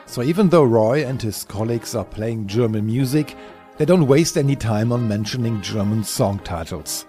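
A man giving scripted documentary narration in a measured, lightly wry manner. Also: medium pitch, expressive, mellow, faint music behind.

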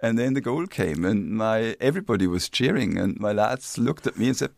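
German-accented man, fifties, gravelly, lowish voice, dry close sound, thoughtful casual interview talk. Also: lively intonation, normal speed, hardly any pauses, a little mellow, no room sound. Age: 50s. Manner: friendly, thoughtful, repeats words as he searches. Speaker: interview guest, physicist.

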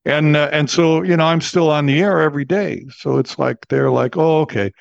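A man in his seventies with an American accent, a radio disc jockey telling stories in a relaxed interview, chatty and laughing often. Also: a little high, moderate pace, gravelly, no room sound, highs cut off. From Texas, USA. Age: 70s. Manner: chatty, laughs often, acts out quoted voices.

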